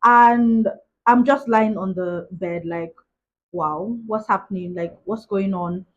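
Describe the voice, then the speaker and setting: Young woman vlogger, husky, casual chatty storyteller, muffled lo-fi sound. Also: mid-range voice, slow. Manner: chatty, retells events with many "like" asides. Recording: dull lo-fi recording.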